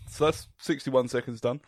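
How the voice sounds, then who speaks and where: A man's voice: mid-range voice, no echo, studio quality. A man co-hosting a casual podcast, teasing his friend and laughing often. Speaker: podcast co-host. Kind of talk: casual chat.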